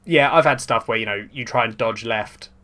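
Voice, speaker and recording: A man's voice: mid-range voice, moderate pace, bright, forceful tone. A young man co-hosting a podcast in casual chat, easygoing and questioning. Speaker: podcast co-host and editor.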